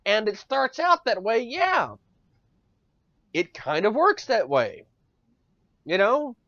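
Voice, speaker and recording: A man's voice: high voice, sing-song, slow pace, bright, forceful tone, no echo. A man hosting a podcast who rants sarcastically and with exasperation. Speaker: podcast host. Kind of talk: ranting podcast commentary. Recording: dull dry lo-fi recording.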